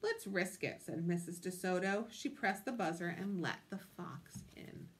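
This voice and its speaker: A woman's voice: fairly low pitch, a little slow. A woman reading a picture book aloud with expression, stopping to ask her listeners questions. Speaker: storytime reader.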